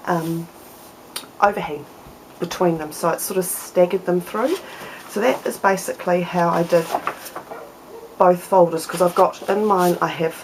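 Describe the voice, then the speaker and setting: A woman's voice: lowish voice, noisy background. A woman hosting a casual papercraft tutorial, explaining each step in a chatty way with fillers.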